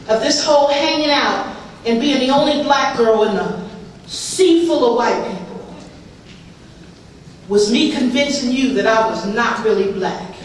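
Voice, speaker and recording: A woman in her forties tells her life story to a gathered audience, full of humor and quick laughs. Her voice sits slightly high. She is caught by a distant mic in a boomy room, with steady noise behind her. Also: very echoey. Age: 40s. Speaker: speaker sharing her recovery story.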